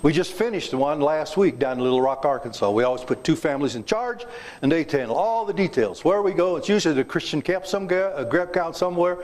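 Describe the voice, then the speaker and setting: Brisk and a little high, with lively intonation and a darkish tone, this man in his seventies is from south central Kansas. He's the guest speaker in a club meeting room, telling folksy jokes and quizzing the audience.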